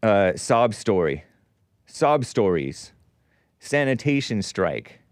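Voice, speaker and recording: A man in his forties hosting a call-in show, giving rambling, sarcastic, animated political commentary. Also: fairly low pitch, slow, no room sound, clean studio sound. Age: 40s.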